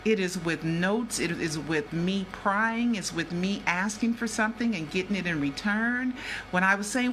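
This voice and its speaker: A woman's voice: medium pitch, normal speed, fairly bright tone, slight background noise. An older woman who is a vlogger and investigative journalist, talking to her viewers in a chatty, emphatic way that circles back and repeats itself. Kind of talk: casual vlog talk.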